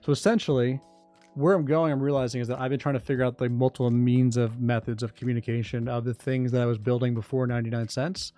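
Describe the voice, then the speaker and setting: Man, mellow dark voice, casual livestream monologue, rambling, excitable, faint music. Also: medium pitch, fast. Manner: rambling, self-interrupting, excitable. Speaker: crypto project founder and streamer.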